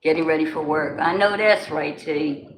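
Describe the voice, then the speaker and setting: A woman in her forties with a New Jersey accent talks in a deep, low register as she hosts a casual livestream. She is loose and slangy, calling out viewers by name. The sound is roomy, with a faint hum of noise behind her. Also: normal speed. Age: 40s. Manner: loose and talkative, greets chat by name, slangy. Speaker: livestream host. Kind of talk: casual live-stream chat.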